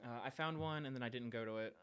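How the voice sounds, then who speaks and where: A man's voice: mid-range voice, quick pace, a bit bright, clean tone. A man, a podcast host, chatting casually with viewers on a livestream from home, rambling and self-deprecating and often trailing off mid-sentence. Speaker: podcast host streaming live. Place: at home with his dog.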